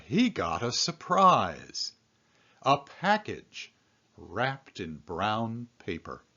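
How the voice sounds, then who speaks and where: Slow, lively-voiced man reading a storybook. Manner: slow, expressive storytelling with lively pitch swings. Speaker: storybook reader. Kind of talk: children's story read-aloud. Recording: dull lo-fi recording.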